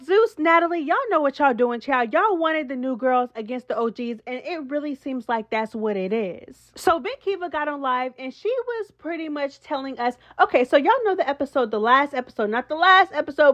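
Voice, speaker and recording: Woman, high-pitched, sassy gossip recap host, casual chat, slightly dull recording. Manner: chatty, sassy, says "child" and "girl" a lot.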